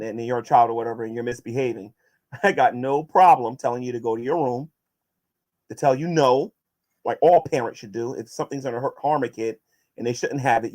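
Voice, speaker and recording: A man's voice: mid-range voice, darkish tone. A man vlogging as he answers viewer questions and combatively addresses his critics, often restarting his sentences. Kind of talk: casual vlog monologue.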